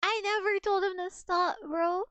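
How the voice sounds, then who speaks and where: Young woman, very high voice, dry close mic, giggly animated streamer chat. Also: unhurried, no room sound. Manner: giggly, animated, mock-dramatic. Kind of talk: casual chat reading old messages to chat.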